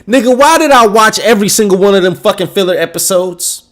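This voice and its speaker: A young man hosting a casual talk show, telling a story in an animated, profane rant full of restarts. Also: high-pitched, fairly quick. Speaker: podcast host.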